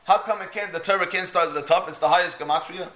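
A man's voice: sits high, fast. A man giving a storytelling Torah talk, asking and answering his own questions. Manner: animated, asks and answers his own questions, mixes in Hebrew phrases. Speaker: Torah teacher.

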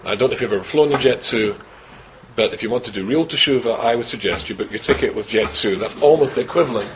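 Older Scottish rabbi, sixties, animated storyteller with wry humor; middling pitch, faint noise under the voice. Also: male voice, quick pace. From Scotland. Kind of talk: personal story told to a host.

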